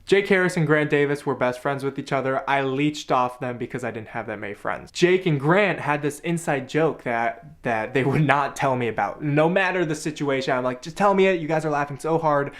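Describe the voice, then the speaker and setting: A young man, a college student answering viewer questions in a casual, self-deprecating Q&A vlog, often jumping into high silly voices. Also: expressive, normal speed, few pauses, fairly bright tone. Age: young adult. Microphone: camera with viewfinder, self-filmed.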